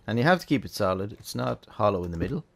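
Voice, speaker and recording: Male tutorial host, low gravelly tone, easygoing, thinks aloud, keyboard clicks behind. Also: fast. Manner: relaxed, chatty, thinking aloud with fillers. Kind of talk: casual gameplay tutorial.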